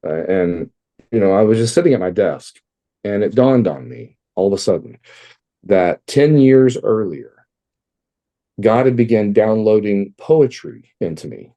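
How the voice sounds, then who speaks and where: A man's voice: on the low side, lively intonation, a little slow, dark tone. A middle-aged man from Texas, telling a personal story as a podcast guest in a candid, conversational way. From Texas, USA. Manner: candid and conversational, with frequent fillers and blunt asides.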